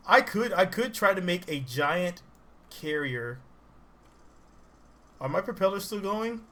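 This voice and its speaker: A man giving casual, rambling game commentary, excitable and laughing often as he plays. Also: high voice, slow. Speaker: gaming channel host. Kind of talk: casual let's-play commentary.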